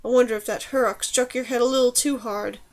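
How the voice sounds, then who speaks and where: A wry, cautious grown mage who speaks in a dry, measured way, as a woman reads him aloud. The voice stays fairly high, as she keeps close to her own. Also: fairly even intonation, lightly acted.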